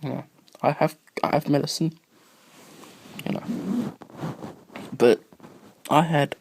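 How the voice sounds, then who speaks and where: Slow gravelly man with a cough. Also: on the high side, a little mellow, slight background noise. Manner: rambling, easily distracted, drifts into whispers. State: sick with a cough. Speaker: video blogger. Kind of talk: rambling casual monologue. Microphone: phone camera.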